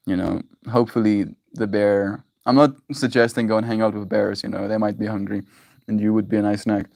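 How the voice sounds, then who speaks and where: A Canadian man hosts his daily livestream, his fairly low, gravelly, darkish voice moving little in pitch and running a bit fast. With no echo in the recording, he chats warmly with viewers, rambling, giggling, and tossing in silly invented words.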